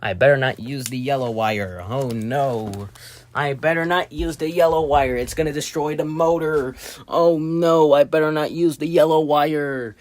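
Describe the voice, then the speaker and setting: A young man casually narrating a hobby build, rambling and talking to himself with sudden excitable outbursts. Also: fairly high pitch, a little slow.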